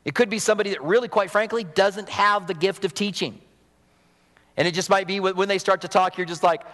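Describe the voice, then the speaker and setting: A man preaching a sermon as pastor, animated and fervent, dropping to soft intimate moments. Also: sits high, a little fast, big-room sound.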